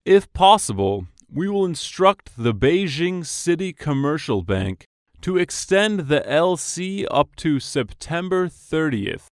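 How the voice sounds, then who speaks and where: A man reading scripted business dialogues for English practice, slow and carefully enunciated. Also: a little high, very animated, no room sound, studio quality.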